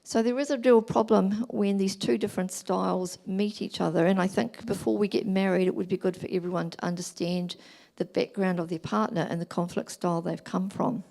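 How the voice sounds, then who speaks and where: A middle-aged woman giving a talk at a church family weekend, explaining gently and acting out examples. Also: mid-range voice, fairly even intonation, fairly quick, vocal fry, hardly any pauses. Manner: gentle, explanatory, acts out examples in quoted voices.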